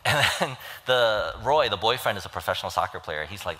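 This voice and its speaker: Male preacher, lowish voice with a bright edge, earnest and pleading, acts out story voices; long hall reverb. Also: lively intonation, brisk, hardly any pauses. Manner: earnest, pleading, retells stories acting out the voices. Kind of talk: sermon.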